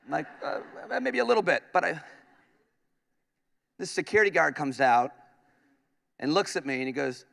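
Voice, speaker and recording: A man's voice: on the high side, normal speed, vocal fry, long pauses. A man from upstate New York working as a radio host, giving a comedic speech in a large conference hall and acting out his own lines as he tells stories. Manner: animated storytelling, acts out his own lines. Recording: long hall reverb.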